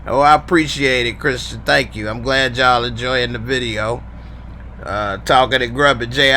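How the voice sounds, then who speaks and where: A man's voice: mid-range voice, bright, forceful tone, a little hiss or hum. A man hosting a live show, reading fan comments in a laid-back, slangy, chatty way. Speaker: show host.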